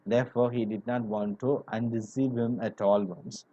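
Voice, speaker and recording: Mellow-voiced male teacher explaining a story. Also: mid-range voice, fairly even intonation, normal speed. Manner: explains word by word, many "you know" fillers. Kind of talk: classroom literature lesson. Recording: dull lo-fi recording.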